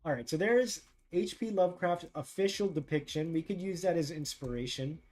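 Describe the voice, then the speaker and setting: A man streaming while he draws, chatting casually with viewers, thinking out loud and reading text aloud haltingly. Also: a little high. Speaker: art streamer. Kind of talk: casual livestream chat while drawing.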